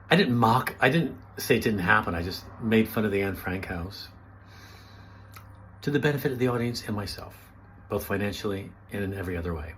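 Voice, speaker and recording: A middle-aged man, a stand-up comedian, delivering a sardonic comic monologue with campy, self-mocking, deadpan sarcasm. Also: fairly low pitch, slight background noise.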